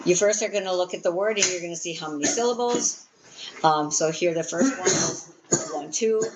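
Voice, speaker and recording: A woman with a deep, low voice leads a small language class. She walks through the lesson patiently, filling pauses with ums and restarting sentences as she goes. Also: slight background noise, low-quality recording. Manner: patient, filler-heavy, restarts often. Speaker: Hebrew teacher. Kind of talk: casual class teaching.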